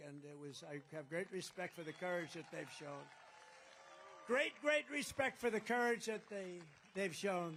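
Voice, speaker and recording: A man giving a campaign rally speech as a political candidate, rambling and boastful and repeating his phrases. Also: sits high. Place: rally at a golf resort.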